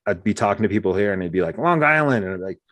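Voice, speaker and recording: A man's voice: sits low, very fast, no room sound. A man talking casually as host, telling stories and acting out what people said. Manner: animated storyteller, acts out quotes. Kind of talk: casual conversation.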